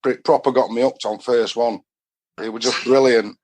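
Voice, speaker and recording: A middle-aged Yorkshire man from Doncaster, speaking as a podcast guest. He rambles happily through his stories in thick northern dialect, his voice sitting at an ordinary male pitch. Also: steady tone, normal speed, a little mellow. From Doncaster, Yorkshire, England. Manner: chatty, rambling, dialect-heavy. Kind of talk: casual storytelling.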